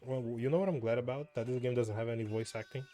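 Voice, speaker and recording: Mellow wry young male streamer. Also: medium pitch, fairly even intonation, fast, slight background noise. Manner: wry, reads all game dialogue aloud himself. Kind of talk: let's play commentary.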